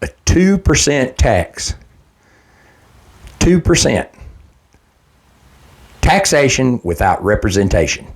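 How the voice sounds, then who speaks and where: Speaking slowly with long pauses, a political commentator delivers a direct-to-camera rant in a husky, sing-song, medium-pitched voice. He is heated, blunt and profane, driving points home through repetition.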